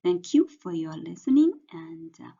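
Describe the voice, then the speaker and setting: A woman with a Mandarin Chinese accent, a native Chinese speaker, teaching a language lesson in a slow, hesitant way with many fillers. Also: fairly low pitch, sing-song, vocal fry, dark tone, slightly rough. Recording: dull lo-fi audio.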